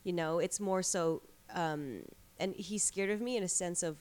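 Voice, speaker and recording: Woman in her 30s, kinda low pitched, rambling chatty storyteller, fillers everywhere. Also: normal speed, darkish tone. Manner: chatty storyteller, many likes and you-knows. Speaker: guest. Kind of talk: casual chat.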